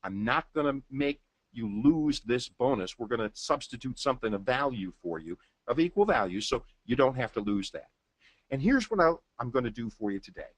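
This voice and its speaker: Male presenter, mid-pitched, polished and persuasive for a sales pitch, dry close sound. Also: very animated, no echo. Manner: upbeat, persuasive, reads out order details slowly. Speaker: marketing presenter.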